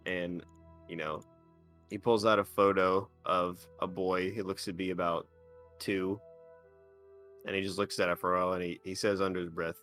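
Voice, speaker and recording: A man playing a tabletop game, talking in an animated way and swearing a lot. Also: low-pitched. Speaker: player. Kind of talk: casual tabletop play.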